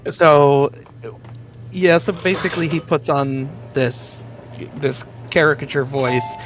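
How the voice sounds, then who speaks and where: A man's voice: a little high, slow, faint music behind. A man co-hosting a casual chat, recounting a story with enthusiasm. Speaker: co-host.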